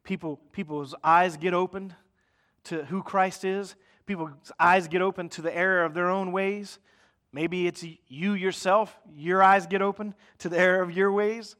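A man with a high voice preaches in a conversational way, often pausing to check in with his listeners. He slips into mock voices to act out their everyday complaints. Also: steady tone, fairly bright tone. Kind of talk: sermon.

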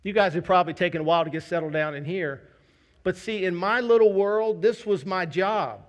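High-voiced man preaching a sermon. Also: fairly quick. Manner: candid storytelling with self-deprecating humor. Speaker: pastor. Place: church.

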